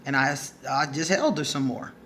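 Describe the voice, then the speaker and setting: A woman's voice: rumbling low, animated, moderate pace, fairly bright tone, a little hiss or hum. A woman vlogging advice, telling a story in a blunt, profane way and laughing often as she goes. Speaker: advice vlogger answering a subscriber. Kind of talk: casual storytelling monologue.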